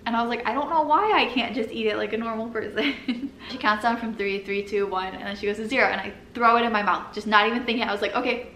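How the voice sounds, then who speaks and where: Speaking fast with few pauses, a young woman vlogger tells a personal story casually, full of "like" and nervous little laughs. Her fairly high voice has a sharp tone. Faint noise and echo fill the room.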